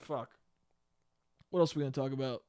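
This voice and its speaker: A man's voice: mid-range voice, brisk, darkish tone, no room sound, studio quality. A young man hosting a solo podcast, rambling casually and swearing, with self-deprecating bursts of laughter. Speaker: podcast host.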